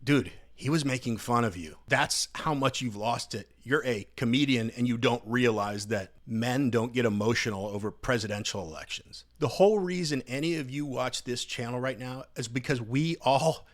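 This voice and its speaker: A man's voice: medium pitch, moderate pace, few pauses. A young adult man hosting a political commentary video, talking casually and mockingly straight to his viewers. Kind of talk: casual opinion commentary to camera.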